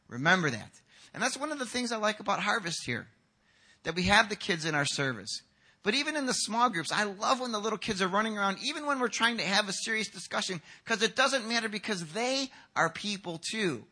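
Animated high-voiced man preaching. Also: a little fast, slightly rough. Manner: animated, acts out quotes with shouts. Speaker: pastor. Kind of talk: sermon. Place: church hall.

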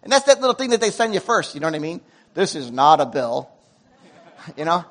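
A man preaching a sermon to a congregation, animated, with loud emotional peaks and quiet asides. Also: a little high, normal speed. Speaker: pastor. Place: church sanctuary before a congregation.

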